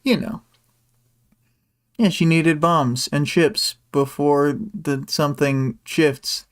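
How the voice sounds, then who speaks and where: A man's voice: on the high side, fairly even intonation, slow. A man hosting a livestream, recapping a story chapter in a loose, casual way, with frequent ums and small asides. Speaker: livestream host.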